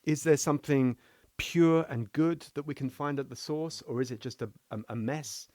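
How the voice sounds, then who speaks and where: A man's voice: fairly high pitch, moderate pace, a little mellow, dry recording. A man from England co-hosting a casual philosophy podcast, telling playful jokey stories. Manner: playful, joking storyteller. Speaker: podcast co-host.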